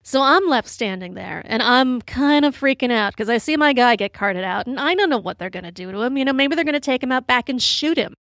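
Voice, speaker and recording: A woman hosting her podcast, a bit tipsy from drinking, delivers a casual, rambling storytelling monologue packed with fillers like "you know," and she laughs at her own story. Her voice is high-pitched, expressive and fairly bright, a little fast with few pauses. The recording is studio quality with no room sound.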